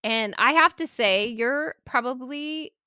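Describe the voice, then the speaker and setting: A woman hosting a podcast, chatting with her guest in a warm, gushing way and laughing easily. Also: high voice, takes it slowly, clean tone, no room sound, studio quality. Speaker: podcast host. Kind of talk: casual interview chat.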